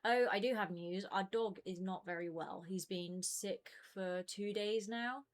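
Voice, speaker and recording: A woman's voice: medium pitch, unhurried, soft background music. Chatty young woman streaming from home. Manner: chatty and rambling, many fillers. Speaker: game streamer. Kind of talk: casual chat to stream viewers.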